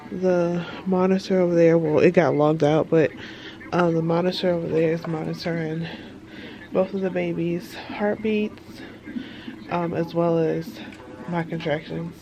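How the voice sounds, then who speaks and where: A woman's voice: lowish voice, noisy background. A woman chatting casually through a vlog update, with lots of fillers. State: out of breath. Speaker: vlogger. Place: car, then hospital room.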